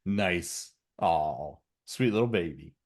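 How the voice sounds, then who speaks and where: A man's voice: low voice, lively intonation, slow pace. A sleepy man co-hosting a casual comedy podcast, rambling and self-deprecating, tripping over his words. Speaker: co-host.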